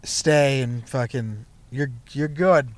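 Speaking slowly in a mid-range voice with no echo, a young comedian guest tells a loose, profane story from his past in casual conversation. His talk is thick with fillers like "you know" and "like."

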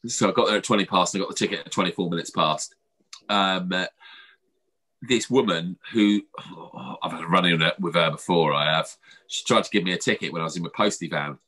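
A man's voice: low voice, brisk, pushed and bright, husky. A British man, a podcast co-host, telling a story in casual chat, swearing freely and acting out the other voices.

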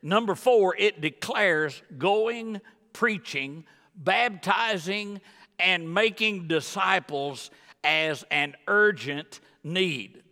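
Brief: a man as a guest pastor, emphatic sermon delivery, a bright, somewhat high voice, on a body mic in a church with long reverb. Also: extremely slow. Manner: emphatic, rising to high excited bursts. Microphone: wireless body mic with battery pack.

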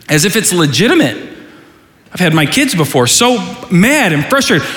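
A middle-aged man preaches in a church sanctuary, his voice sitting a bit high. He is animated and rises into mock outrage in his asides. The sound rings out in a long hall reverb. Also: moderate pace. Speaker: pastor. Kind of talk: sermon.

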